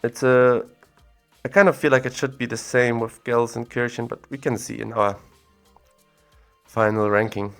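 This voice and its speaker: Thinking aloud in a relaxed, chatty way, a man with a medium-pitched voice explores places on a map at a moderate pace, pausing often. Soft music plays in the background, and the audio was captured on a separate recorder.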